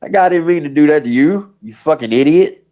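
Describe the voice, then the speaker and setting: A man's voice: on the high side, lively intonation, brisk, warm tone, poor audio. A man hosting a livestream, cursing and mocking people, taunting them with questions and laughing often. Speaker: livestream host. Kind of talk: profane livestream rant.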